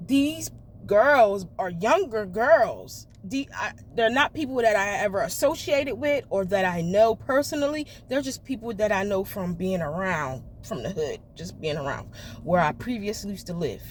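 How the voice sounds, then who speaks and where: A woman's voice: fairly high pitch, lively intonation, measured pace, a little hiss or hum. Emotional woman venting in her car. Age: adult mother of children. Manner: candid, emotional, swears freely. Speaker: vlogger. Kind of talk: emotional personal vlog. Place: parked car.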